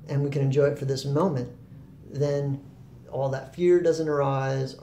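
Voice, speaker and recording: A man giving a reflective spoken talk on happiness, relaxed and rambling, with fillers and restarts. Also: mid-range voice, unhurried, roomy sound, a little hiss or hum. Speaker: spiritual talk host.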